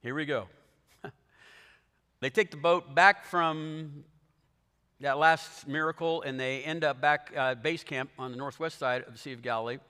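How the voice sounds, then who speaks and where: Animated preacher man, bright tone. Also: on the high side, unhurried, pauses often, clean tone. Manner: animated storytelling, dramatic shifts in volume. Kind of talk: sermon. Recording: long hall reverb.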